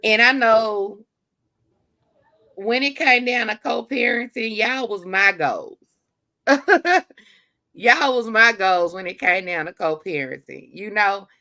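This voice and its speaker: Slow, gravelly-voiced woman host. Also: mid-range voice, expressive, bright, forceful tone. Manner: earnest, encouraging, with conversational fillers. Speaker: podcast host. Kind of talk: heartfelt casual chat.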